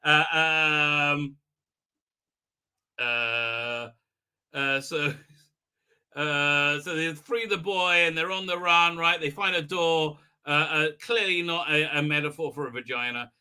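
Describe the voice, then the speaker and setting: Guy doing a snarky live recap of a show, super bright voice, kinda high, lots of uhs and silly voices. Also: fairly even intonation, takes it slowly, clear, resonant tone. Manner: mocking, acts out quotes in funny voices, many fillers and restarts. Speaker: host recapping a TV episode. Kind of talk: casual live-stream recap.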